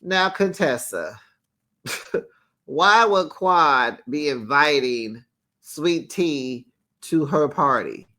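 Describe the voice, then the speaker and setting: Speaking extremely slowly and pausing often, a man hosts a reality TV recap channel with sassy, chatty commentary, laughing often between remarks. His fairly high voice is animated, bright and pushed.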